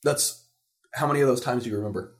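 A man's voice: mid-range voice, quick pace. A young man co-hosting a podcast, telling stories with lots of swearing and quoted voices. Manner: animated storyteller, swears freely, quotes others in voices. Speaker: podcast co-host. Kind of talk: casual chat.

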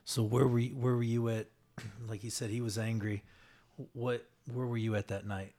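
Flat-voiced, hesitant male podcast host. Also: mid-range voice, normal speed. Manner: hesitant, gentle, stumbling questions. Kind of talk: podcast interview questions.

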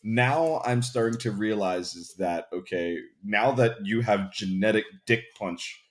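A man's voice: on the low side, a little slow. Swearing man ranting among friends. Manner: swears a lot, rambling rants. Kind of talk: casual chat among friends.

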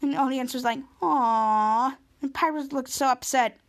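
A woman's voice: high-pitched, fairly even intonation, fast talker. A woman podcast host casually retelling a TV episode, rambling with restarts.

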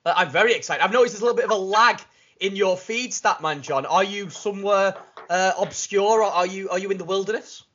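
Bright, jokey male podcast host. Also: high voice, brisk, dull audio. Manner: jokey, enthusiastic, prone to loud laughs. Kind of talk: casual podcast chat.

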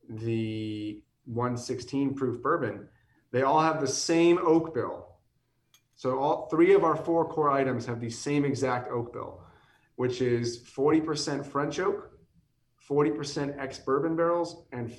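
A man's voice: medium pitch, reverberant, recorded from a distance. Tired, chatty man in his thirties. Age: 30s. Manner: chatty, rambling with many restarts and fillers. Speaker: whiskey company guest. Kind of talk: casual podcast conversation.

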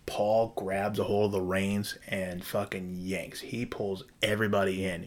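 Speaking on the low side at normal speed with few pauses, a man rambles through a long, profane tale about his rental properties. He's animated, voicing both people in each exchange.

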